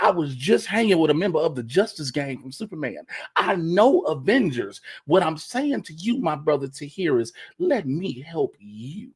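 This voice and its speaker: A man with a slightly high, husky voice trades jokes in loose podcast banter. He gets animated and swings into loud, exaggerated bits. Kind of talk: casual comedic banter.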